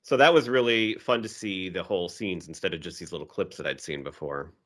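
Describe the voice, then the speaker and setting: Man, podcast co-host, eager animated chat, lowish voice. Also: brisk. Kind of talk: casual chat.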